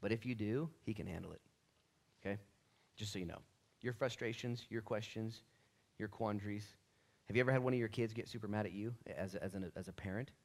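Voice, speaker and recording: A man pastor teaching a sermon Bible study in a church, animated and casual, with slangy jokes and asides. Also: lowish voice, a little fast.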